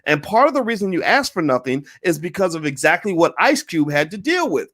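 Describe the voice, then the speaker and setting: A man delivering an emphatic opinion monologue as a commentator, repeating his points forcefully. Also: fairly high pitch, very animated, fairly quick.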